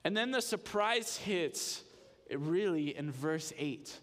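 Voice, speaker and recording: A man's voice: fairly high pitch, expressive, takes it slowly, a bit bright. Young-sounding man preaching in an echoing hall. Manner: conversational, explanatory preaching with small restarts. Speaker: pastor. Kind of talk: sermon.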